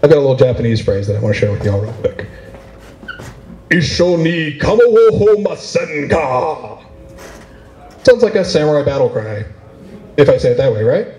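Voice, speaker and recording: A male comedian doing stand-up at a convention, his voice swooping up and down as he delivers his jokes. He speeds up and slows down for effect, and the sound rings with the echo of a big room, recorded from out in the crowd. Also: mid-range voice. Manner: animated, playful delivery with shifts of pace. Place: convention room before a live audience. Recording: roomy echo of a convention hall.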